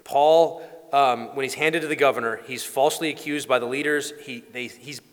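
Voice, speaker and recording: A man preaching a sermon, telling the story with animated asides and acted-out voices. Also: medium pitch, normal speed. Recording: long hall reverb.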